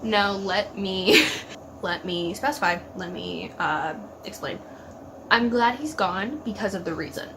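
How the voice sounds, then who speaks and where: A woman's voice: medium pitch, unhurried, background noise. A young woman chatting emotionally about a TV episode, filling her talk with "like" and talking back at the screen. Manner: gushing, filler-heavy, talks back at the screen. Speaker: TV reaction vlogger. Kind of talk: casual emotional reaction chat.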